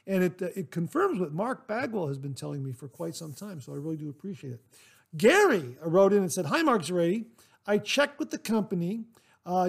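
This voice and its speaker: A man's voice: high voice, gravelly. A man hosting a casual solo podcast, reading listener mail in a chatty, rambling way with lots of "uh" fillers and enthusiastic thanks. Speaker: podcast host.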